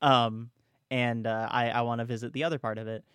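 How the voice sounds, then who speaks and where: A man's voice: mid-range voice, level tone, fairly quick, fairly bright tone, smooth. A young man co-hosting a podcast, chatting casually and animatedly, swearing a lot and calling people bro and dude. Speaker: podcast co-host. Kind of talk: casual chat.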